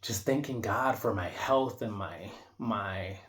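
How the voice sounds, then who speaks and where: A man in his thirties talks through his thoughts in an unscripted vlog, voice sitting a little low. He rambles and restarts often, leaning on fillers as he reflects. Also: takes it slowly. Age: 30s. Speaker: vlogger. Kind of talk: casual unscripted monologue. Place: indoor room.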